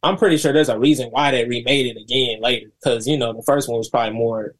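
A man's voice: mid-range voice, steady tone, fast. A man co-hosting a casual podcast chat, laid-back with loose, filler-heavy talk.

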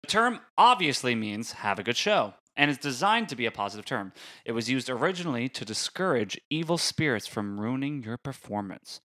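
Male podcast co-host, mid-pitched, teasing and jokey, casual banter. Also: very animated, fairly quick, sharp tone. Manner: teasing, jokey, reads facts aloud. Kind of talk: casual chat.

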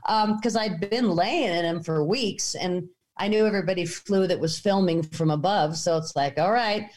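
A woman's voice: medium pitch, moderate pace, few pauses. A woman, a filmmaker, telling a story in a casual interview, animatedly acting out voices in her anecdotes. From United States. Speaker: filmmaker guest.

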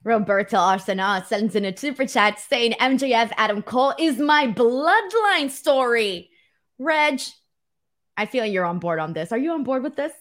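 Animated woman podcast co-host. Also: fairly high pitch, normal speed. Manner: animated, laughs often, reads viewer comments aloud. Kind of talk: casual wrestling podcast chat.

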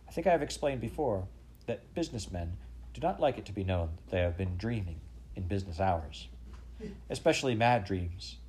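A man narrating a children's storybook aloud in a measured way. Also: on the low side, slight background noise. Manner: measured, lively character voicing. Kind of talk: storybook reading.

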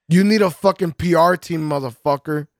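A man with a slightly high voice co-hosts a podcast and launches into an angry, foul-mouthed rant, laughing in frequent bursts. The recording is studio quality, with no room sound.

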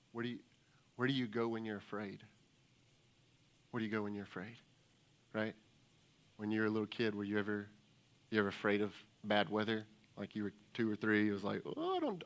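Bright-voiced, dramatic preaching man. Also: lowish voice, little pitch movement, fairly quick, pauses often. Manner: dramatic, emphatic preaching with repeated rhetorical questions; jokes with the congregation. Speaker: lead pastor. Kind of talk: sermon. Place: church service before a congregation.

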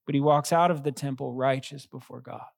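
A man's voice: mid-range voice, fairly even intonation, creaky, no echo. Earnest man preaching a sermon. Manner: earnest, emphatic preaching with slow stressed phrases. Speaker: pastor.

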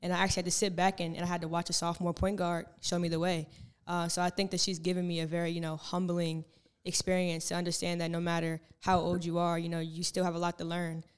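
A young woman, a college basketball player, answering interview questions in a calm, reflective way with many filler words. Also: fairly low pitch, fast, clean tone. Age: young adult. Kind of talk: casual interview.

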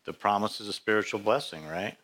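A pastor leads a midweek Bible study in a relaxed, conversational sermon. His voice is bright and forward, and he keeps asking the group what each verse promises. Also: fairly low pitch, fairly quick. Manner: conversational, asks the congregation questions.

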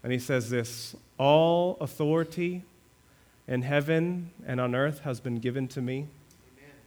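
A male pastor preaching a sermon, asking the congregation questions and building to fervent high points. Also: measured pace, darkish tone. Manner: preaching with rising fervor, rhetorical questions to the congregation.

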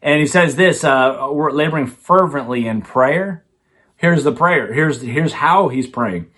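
A man's voice: fairly high pitch, a little slow, sharp tone. A man, a pastor preaching a sermon in a conversational way, often restarting phrases and using fillers.

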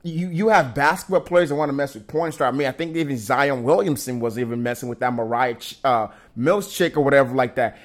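A man's voice: mid-range voice, a little fast, hardly any pauses. A man hosting a casual commentary show, ranting with indignation, swearing often and restarting his sentences. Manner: animated, indignant, profane rant with many restarts. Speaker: commentary host.

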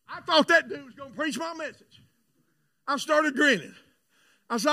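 A man preaching a sermon, telling stories and swinging from loud calls to the congregation to low, joking asides. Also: animated, normal speed, long pauses, dry recording, studio quality.

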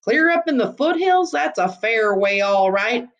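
A woman's voice: medium pitch, animated, normal speed, a bit bright, lo-fi sound, natural voice. A woman voicing a chatty, folksy small-town male constable with a rural drawl. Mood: grumbling.

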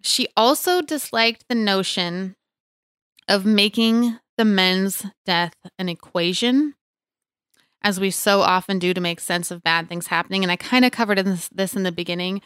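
Smooth-voiced woman hosting a chat podcast. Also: medium pitch, normal speed, fairly bright tone, no room sound, studio quality. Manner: earnest and chatty, with many fillers. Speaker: podcast host. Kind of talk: casual faith podcast chat.

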